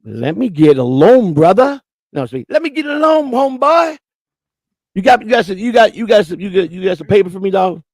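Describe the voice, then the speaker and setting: A man's voice: high-pitched, very animated, fairly quick, darkish tone, no room sound, voice pushed up, exaggerated voice. A man voicing a pushy male street hustler who keeps demanding his money in insistent, repetitive slang.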